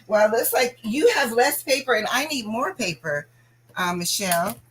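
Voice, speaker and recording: A woman hosting a casual crafting livestream, chatting to viewers in an animated, bubbly way. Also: fairly high pitch, normal speed, a little hiss or hum, poor audio.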